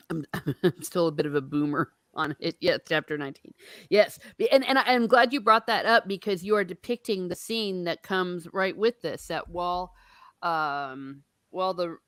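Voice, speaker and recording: A woman hosting a casual book discussion, chatty and animated, laughing often and swearing casually. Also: lowish voice, dry recording. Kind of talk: casual chat.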